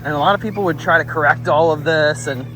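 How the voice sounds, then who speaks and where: A man working as a dog trainer. He talks outdoors in a relaxed, chatty way, explaining his methods and often praising the dog. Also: fairly high pitch, quick pace, low-quality recording. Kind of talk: casual explanation on a training walk.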